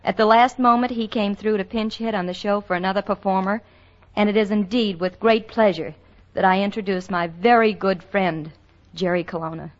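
A woman's voice: mid-range voice, normal speed. A woman hosting a 1940s radio variety show, introducing a guest in a polished, formal manner. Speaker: host. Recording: muffled vintage radio broadcast.

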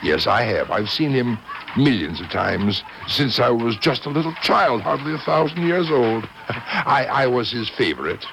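An actor voicing an ageless angel who talks in a smooth, unhurried, gently amused way, coolly indifferent to mortals. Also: male voice, medium pitch, expressive, background noise. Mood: serene.

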